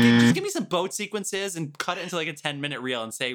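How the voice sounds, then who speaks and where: A man's voice: a little high, expressive, fast, hardly any pauses, soft background music. A man co-hosting a film podcast, ranting animatedly and profanely while acting out scenes. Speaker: podcast co-host. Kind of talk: casual film discussion.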